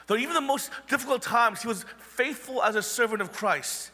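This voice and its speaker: Bright-voiced pastor preaching in a hall. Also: male voice, very high-pitched, a little fast, slight background noise. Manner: conversational preaching with wry asides. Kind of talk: sermon.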